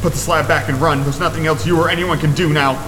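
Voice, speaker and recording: A man's voice: fairly high pitch, fairly even intonation, fast, very noisy, voice pushed up, lightly acted. A man doing a frantic trapped young man. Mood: desperate. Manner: frantic, pleading, shouting warnings. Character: panicked young man trapped below a tomb. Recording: echoey reverberant room with loud rain.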